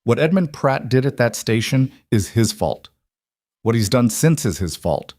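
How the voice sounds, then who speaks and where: A man voicing a steady, blunt cowboy rancher in a storybook reading, speaking in a measured, firm, plain-spoken way. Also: mid-range voice, no room sound, clean studio sound.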